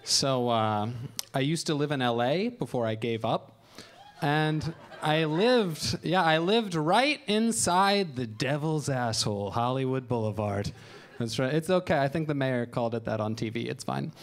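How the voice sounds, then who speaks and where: A man in his thirties doing stand-up storytelling on a comedy show stage, deadpan and crude, slipping into voices for the people he quotes. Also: mid-range voice, a little slow.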